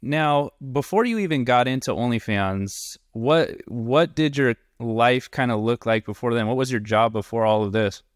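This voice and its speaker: A man hosting a casual interview, asking loose, relaxed questions. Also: medium pitch, moderate pace, few pauses, dry recording, studio quality. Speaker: interview host.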